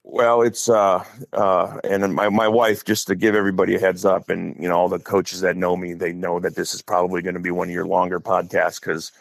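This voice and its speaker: Gravelly Midwestern man spinning a yarn. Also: low voice, flat delivery, a little fast, hardly any pauses, dry recording. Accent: Upper Midwest. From Wisconsin. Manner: chatty, rambling storyteller. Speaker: guest, high school head football coach. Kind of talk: casual podcast storytelling.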